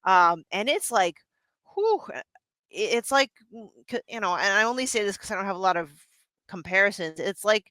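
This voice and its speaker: A middle-aged woman in casual podcast chat, bright and forceful in tone with a smooth, clear voice. She talks in an animated, chatty way, restarting sentences and laughing. The mic is close and dry. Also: medium pitch, a little fast, no echo. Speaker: podcast co-host.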